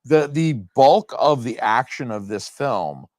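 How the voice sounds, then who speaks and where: Male co-host for a home film commentary track, expressive, swearing, sarcastic, dry close sound. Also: mid-range voice, takes it slowly, no echo. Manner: profane, animated, sarcastic. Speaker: podcast co-host. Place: home, recorded apart from co-host.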